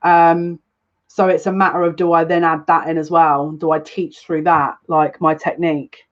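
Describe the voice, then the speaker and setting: A woman's voice: sits low, flat delivery, moderate pace. Chatty emotional woman on a dull-sounding stream. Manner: chatty and emotional, greets viewers by name, trails off and restarts. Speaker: psychic reader on a live stream. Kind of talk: live-streamed tarot reading, casual chat to viewers.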